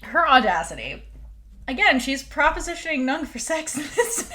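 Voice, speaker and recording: A high-pitched woman co-hosting a recap podcast in loose, casual chat. She swears freely, laughs often and slips into acted-out quotes as she talks. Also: big pitch swings, normal speed, pushed and bright. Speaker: podcast co-host.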